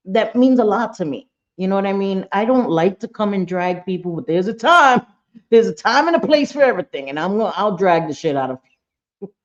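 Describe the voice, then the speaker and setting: A woman hosting a livestream, chatting casually in a mid-range voice. She talks bluntly and swears a lot, and breaks off to greet viewers by name. The audio is dull and lo-fi. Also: medium pitch. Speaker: livestream host.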